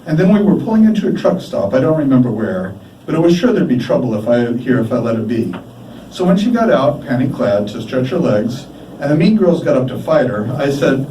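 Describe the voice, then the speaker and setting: A man giving a live reading of his prose, measured and deliberate, with dramatic pauses. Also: medium pitch, sing-song, dark tone, slight background noise. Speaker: writer reading his work. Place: bar, live event. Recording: echoey bar from a distant mic. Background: faint room ambience.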